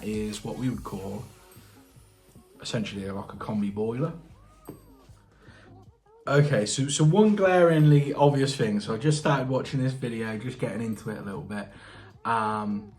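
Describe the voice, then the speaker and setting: A man's voice: medium pitch, darkish tone. A British man, a plumber and channel host, chatting casually in a reaction vlog, thinking aloud and asking viewers questions. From United Kingdom.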